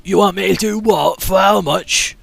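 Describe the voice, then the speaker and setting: A man's voice: sits high, moderate pace, creaky, dry recording, soft background music, voice pushed up, exaggerated voice. A man putting on a cocky London workman voice, haggling over a price. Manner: cocky, wheeling-dealing patter. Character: cheeky London handyman haggling.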